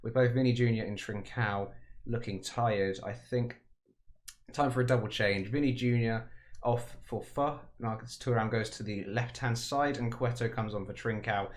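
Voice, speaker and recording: A man's voice: mid-range voice, fairly even intonation, normal speed. A man giving casual, rambling commentary on a football management game, chatty and self-mocking with frequent asides. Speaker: gaming commentator.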